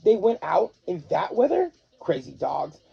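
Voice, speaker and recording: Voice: mid-range voice, big pitch swings, measured pace, muffled recording, heavily acted. A reader voicing a grumpy older male explorer who snaps and grumbles at his dogs. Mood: gruff. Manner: gruff, snapping.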